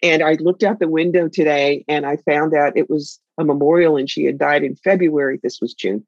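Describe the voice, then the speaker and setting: A woman's voice: deep voice, steady tone, a little mellow, no echo, lo-fi sound. A woman retelling a hesitant shy man. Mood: earnest. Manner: halting, stumbling start.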